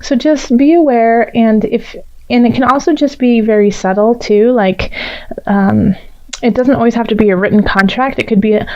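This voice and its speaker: A woman's voice: fairly high pitch, moderate pace, dark tone, highs cut off. A woman giving a casual tarot reading, chatty and full of fillers, often laughing as she talks. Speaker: tarot reader.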